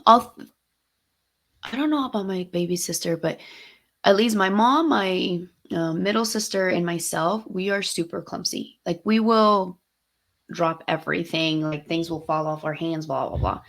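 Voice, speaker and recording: A woman's voice: on the low side, measured pace, creaky, a bit bright. A young adult woman co-hosting a podcast, telling stories candidly in casual chat, dropping Spanish phrases and swearing freely. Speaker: podcast co-host.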